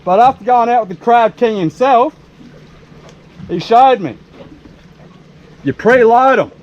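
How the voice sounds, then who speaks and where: Australian guy, high-pitched, drawling fishing vlog chat from a little boat, faint noise behind. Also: measured pace, highs cut off. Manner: excitable, drawling, folksy. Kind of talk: casual outdoor vlog commentary. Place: small boat on open water.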